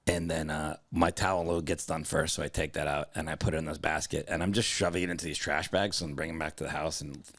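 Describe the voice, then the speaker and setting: A young man co-hosting a comedy podcast, telling a story in a casual, animated way and acting out both sides in loud raised voices. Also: a bass voice, fast, hardly any pauses. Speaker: podcast co-host.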